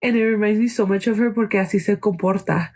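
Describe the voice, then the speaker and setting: A woman's voice: medium pitch, fairly even intonation, fast talker, a little mellow, rough recording. A young woman hosting her own podcast, telling a story in a chatty, swearing way and slipping into Spanish now and then. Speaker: podcast host. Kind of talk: casual chat.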